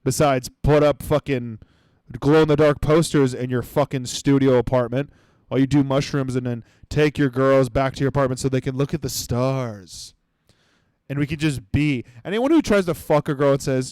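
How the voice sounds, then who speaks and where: A man's voice: medium pitch, moderate pace, a little mellow, clear, resonant tone, no room sound. A young adult man hosting a comedy podcast, ranting sarcastically with lots of swearing and mocking impressions. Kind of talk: comedic rant.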